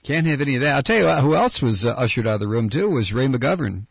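A man's voice: medium pitch, sing-song, fast, creaky, breathy edge, dry recording. A man hosting a political talk radio show, ranting sarcastically and reading news clips aloud, on a dull lo-fi broadcast. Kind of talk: opinionated talk radio monologue.

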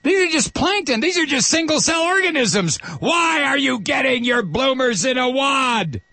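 Give me a smug, greedy oil company executive, put on by a man who talks down to everyone with sneering condescension. His voice is gravelly and a little husky, and it swoops up and down. The sound is close and dry. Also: a little high, lively intonation, normal speed, no room sound, heavily acted.

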